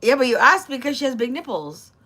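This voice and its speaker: A woman's voice: sits high, very animated, fairly quick, bright, forceful tone. An older woman chatting casually on a livestream, reading viewers' messages aloud and teasing them with crude, swearing humor and frequent laughter.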